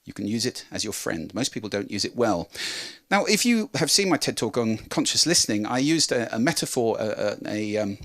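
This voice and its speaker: A man presenting a talk on how to speak, demonstrating with lively changes of pitch and volume. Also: a little fast. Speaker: speaker on voice and communication.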